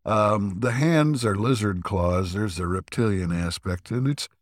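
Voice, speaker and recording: A man co-hosting a podcast, casually retelling an old episode with many ums and throat clears. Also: lowish voice, unhurried, no room sound, studio quality. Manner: rambling, filler-heavy retelling with frequent throat clearing. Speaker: podcast co-host. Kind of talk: casual recap discussion.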